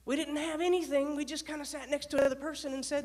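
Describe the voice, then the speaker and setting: Lively woman speaker. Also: sits high, fast. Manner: lively storyteller, addresses audience with questions. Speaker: speaker, former dispatcher and leadership coach. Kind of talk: motivational talk with stories.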